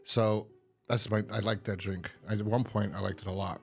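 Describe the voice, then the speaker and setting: Low-voiced rambling man chatting. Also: fairly even intonation, normal speed, creaky, faint music behind. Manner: rambling storyteller who laughs often. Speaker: podcast co-host. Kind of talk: casual review chat.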